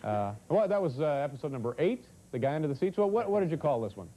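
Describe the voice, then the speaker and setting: A man hosting a late-night talk show, speaking in a dry, halting way with lots of uh and restarts. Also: fairly high pitch, sing-song, mellow.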